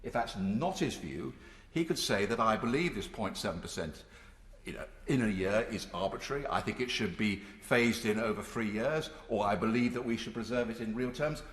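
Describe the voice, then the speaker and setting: An older man in his sixties delivers a parliamentary speech, emphatic and rhetorical with a dry, sarcastic edge. His pitch swings widely as he presses each point. The voice rings through a large chamber with a long, echoing reverb. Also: lively intonation, normal speed, fairly bright tone. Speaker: member of parliament.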